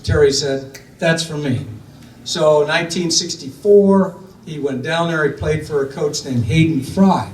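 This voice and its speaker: An older man from Ohio tells a family story in a loose, rambling way, with plenty of fillers and little voices for the people he quotes. His voice sits a little high for a man. He sounds a bit away from the mic in an echoey room, with faint room noise behind him. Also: unhurried, recorded from a distance. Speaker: storyteller recounting family history. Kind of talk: casual spoken storytelling.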